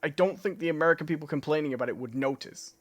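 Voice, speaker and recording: A man's voice: on the high side, very fast. A man co-hosting a live stream, chatty and opinionated, often checking in with "you know". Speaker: podcast co-host. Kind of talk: casual live-stream chat.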